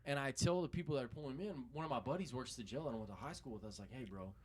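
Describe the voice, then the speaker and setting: A young man telling a story as a podcast guest, swearing constantly and animated, often laughing at his own anecdote. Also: mid-range voice, racing, breathy edge. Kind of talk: casual storytelling in a podcast interview.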